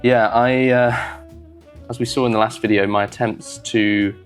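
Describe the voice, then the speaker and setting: A man's voice: mid-range voice, fairly even intonation, unhurried, soft background music. A man vlogging about sewing, rambling casually with wry, self-deprecating asides and many fillers. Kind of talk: casual talk to camera while sewing.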